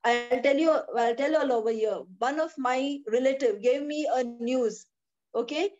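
High-voiced woman preaching over a call. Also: moderate pace, a little mellow. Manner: emphatic, repeats phrases, asks rhetorical questions. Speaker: Bible teacher. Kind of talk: online Bible teaching. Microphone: video call. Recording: dull lo-fi video call audio.

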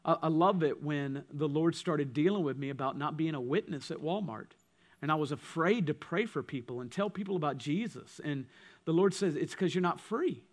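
A man preaching a sermon as pastor, swinging from loud passages to hushed ones. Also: on the high side, lively intonation, moderate pace. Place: church.

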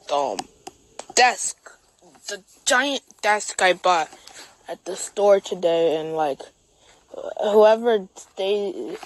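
A woman's voice: on the low side, a little hiss or hum, poor audio. Lady doing amateur cartoon voices, no script, lots of ums and uhs. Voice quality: halting, full of fillers. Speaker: voices in an amateur object-show clip. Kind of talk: unscripted amateur voice acting.

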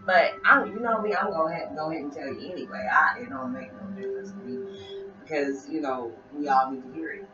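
A woman's voice: sits low, brisk. A woman talking casually to her viewers in a spiritual vlog, rambling and repeating phrases as she addresses them directly. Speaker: spiritual vlogger. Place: at home, listening to music. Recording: roomy, distant, dull sound with music. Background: music playing.

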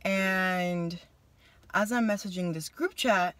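A young woman vlogger telling a casual story to the camera, chatty and animated, acting out what people said. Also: lowish voice, slow, no room sound. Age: young adult. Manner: animated, chatty, voices her own quotes. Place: car.

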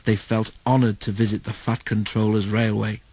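A man narrating a children's storybook in a steady, measured way. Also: fairly low pitch, breathy edge, no echo, rough recording. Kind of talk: storybook read-aloud.

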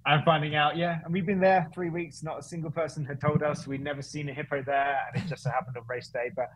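A man, a guest on a podcast, telling a story in casual, animated chat with frequent restarts and self-corrections. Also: fairly high pitch, quick pace, low-quality recording. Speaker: guest, running events founder.

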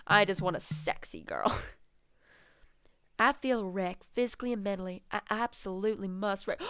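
A woman doing let's play commentary, reading game text aloud, excitable and swearing freely. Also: medium pitch, normal speed, clean tone, no echo, studio quality. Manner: excitable, swears freely, bursts into squeals and laughs.

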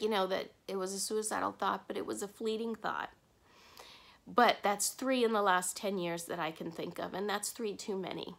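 A woman talking candidly to camera in a personal confessional vlog, halting at times with restarts and soft breaks. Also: mid-range voice. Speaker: vlogger.

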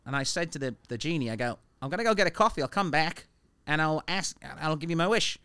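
A man's voice: on the high side, animated, fast talker, sharp tone, smooth, no echo. A man doing a laid-back Aussie bloke with an orange head. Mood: easygoing. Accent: put-on bad Australian.

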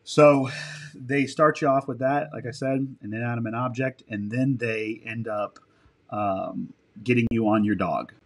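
This military dog handler, a guest on a podcast, speaks unhurriedly in a mid-range voice with fairly even intonation. His casual interview storytelling rambles, with easy swearing and mid-sentence self-corrections.

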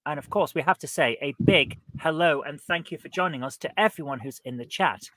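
A man's voice: on the high side, a little fast, pushed and bright, no echo. A man hosting a playful online quiz show, with theatrical announcer flourishes and frequent laughter. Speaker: quiz host.

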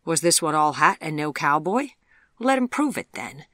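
A narrator voicing a proud young woman who speaks crisply and daringly in an audiobook. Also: sits low, sing-song, moderate pace, a bit bright, no room sound, studio quality. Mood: challenging. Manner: crisp, daring, a little haughty.

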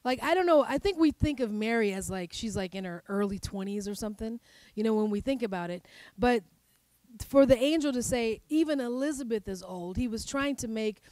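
Woman pastor, sermon, chatty and playful, slightly high voice, dry close sound. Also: fairly quick, no echo. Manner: conversational, playful, laughs often, animated asides.

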